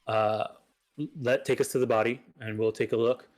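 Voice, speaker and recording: A man voicing a brusque male police officer at a crime scene, halting, with filler sounds. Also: medium pitch, flat delivery, a little mellow, close to an everyday voice. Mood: stern.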